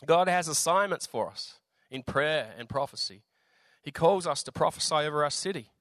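A slightly raspy man with an Australian accent preaches a sermon, his voice sitting a little high for a man. He keeps it informal and jokey, with plenty of ums and uhs. The sound is close and dry, with no room echo. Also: expressive, normal speed, a bit bright. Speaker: visiting preacher.

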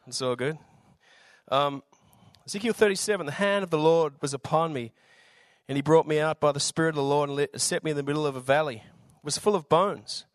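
A slightly raspy man with an Australian accent preaches a sermon, his voice sitting a little high for a man. He keeps it informal and jokey, with plenty of ums and uhs. The sound is close and dry, with no room echo. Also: fairly quick. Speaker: visiting preacher.

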